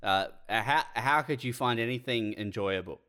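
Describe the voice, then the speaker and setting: A man's voice: medium pitch, normal speed, pushed and bright, smooth. A man in his twenties co-hosting a podcast, reacting with disbelief and building on jokes with acted quotes. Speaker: podcast co-host. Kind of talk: casual comedic chat.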